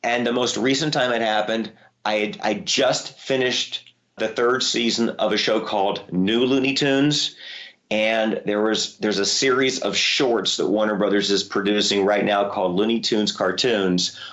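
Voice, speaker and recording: A man telling stories from his career in an easy, chatty way. He gets excited and his voice jumps up as he talks. The sound is a little dull and lo-fi. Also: measured pace. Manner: lively, jumps up in pitch when excited. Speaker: voice actor guest. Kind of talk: casual interview storytelling.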